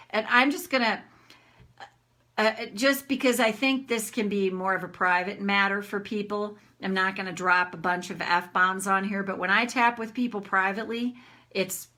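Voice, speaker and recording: A woman's voice: mid-range voice, sharp tone. A woman tapping coach giving a frank, conversational, emphatic instructional talk. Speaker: emotional freedom tapping coach.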